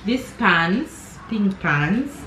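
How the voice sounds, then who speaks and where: A woman's voice: medium pitch, sing-song, extremely slow, a bit bright, echoey room, a little hiss or hum. A woman with a Jamaican accent chatting casually on a family vlog, laughing often and talking to viewers and her kids at home. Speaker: family vlogger.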